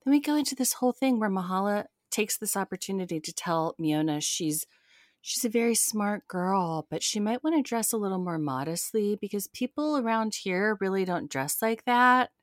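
A woman's voice: mid-range voice, expressive, normal speed, dry recording, studio quality. A woman co-hosting a podcast, chatting casually and sarcastically, laughing often as she recaps a show. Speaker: podcast co-host.

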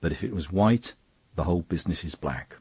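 A man's voice: deep voice, lively intonation, brisk, darkish tone, breathy edge, no room sound, heavily acted. A man reading aloud, voicing a mild, thoughtful male priest who reasons soberly. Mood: earnest. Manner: sober and reflective, puzzling things out.

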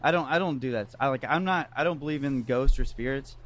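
A young man in casual chat who speaks in a hesitant, halting way, with many restarts and fillers. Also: medium pitch.

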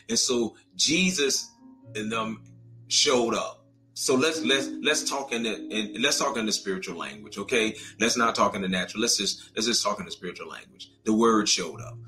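Man, preacher, sermon, calls to congregation, bright tone, faint music behind. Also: lowish voice.

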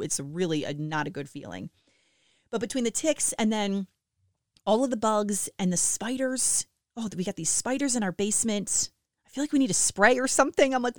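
A woman in her thirties chatting casually and self-deprecatingly to listeners about family life, with lively swings in her voice. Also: medium pitch, dry recording, clean studio sound. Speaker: mom sharing family updates with listeners. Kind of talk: casual chat.

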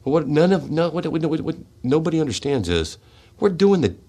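An American man, a military veteran, delivering a fervent, confrontational monologue in a radio studio, swinging from loud outbursts to quiet, heavy asides. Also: on the high side, big pitch swings, brisk, slightly rough.

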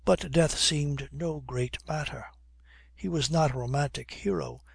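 A man reading a historical novel aloud as an audiobook narrator, measured and even. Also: on the high side, vocal fry, breathy edge, no echo, clean studio sound. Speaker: audiobook reader.

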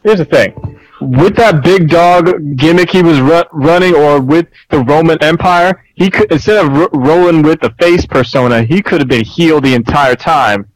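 A man's voice: fairly high pitch, moderate pace, no echo, rough recording. A man in casual podcast chat, opinionated, often restarting words as he makes his point.

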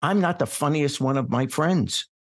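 An older man, a podcast guest born in England, telling long stories in a relaxed, wry conversational way. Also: fairly high pitch, moderate pace. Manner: relaxed anecdotal storyteller, wry asides. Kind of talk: storytelling in conversation.

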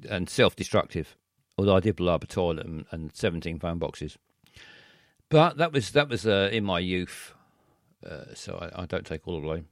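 A middle-aged man rambles through a late-night show, stammering and self-deprecating. His voice is low and swings widely in pitch. The sound is dry and close. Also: fairly bright tone, no echo. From England. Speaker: late-night radio host reading listener messages.

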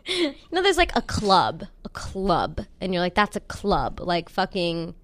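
A woman's voice: lowish voice, huge pitch swings, a little slow, no echo. A young woman co-hosting a podcast, chatting casually and rambling with many fillers. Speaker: podcast co-host. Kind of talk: casual chat.

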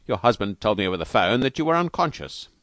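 A man reading aloud, voicing a brisk, jovial little old doctor. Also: lowish voice, very animated, fairly bright tone, no room sound, studio quality. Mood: kindly.

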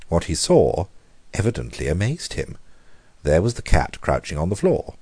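A man narrating a horror story in a measured, grave reading, slowing down for dramatic moments. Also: a bass voice, darkish tone, breathy edge, dry recording. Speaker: audiobook reader.

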